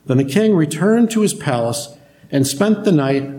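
A man preaches to his congregation, retelling scripture in a relaxed, conversational way and stopping to put questions to the room. His voice sits a little high for a man. The sound echoes through a church hall. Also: normal speed. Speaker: pastor. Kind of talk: sermon.

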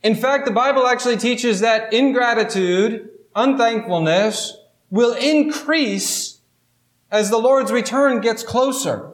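A man preaching a sermon, telling a parable and building up his emphasis as he goes. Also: slow pace. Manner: storytelling, rising in pitch and emphasis as he builds. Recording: roomy echo.

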